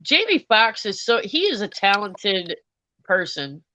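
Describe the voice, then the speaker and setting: A panelist chatting casually, expressive and often incredulous. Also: mid-range voice, unhurried, slight background noise.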